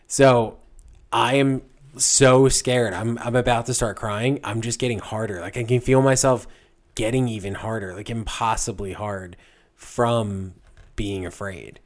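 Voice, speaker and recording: A man in his thirties casually telling a long, animated anecdote on a podcast, laughing at his own story. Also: fairly low pitch, measured pace. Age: 30s. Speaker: podcast guest.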